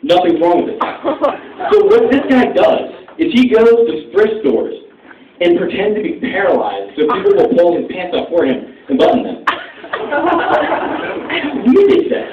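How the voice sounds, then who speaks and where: A man's voice: sits high, very animated, a little slow, noisy background. Rambling young man doing stand-up, echoey. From Northern Virginia. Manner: rambling, filler-heavy, laughing at own jokes. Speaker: stand-up comedian. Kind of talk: stand-up storytelling. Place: small venue with live audience. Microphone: phone recording from the audience. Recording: echoey, distant, muffled phone recording with crowd.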